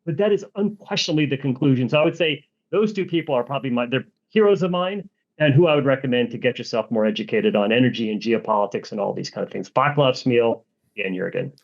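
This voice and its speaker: A man as an interview guest, answering earnestly and in a measured way, with clear enthusiasm. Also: mid-range voice, lively intonation, muffled recording. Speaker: guest, energy analyst.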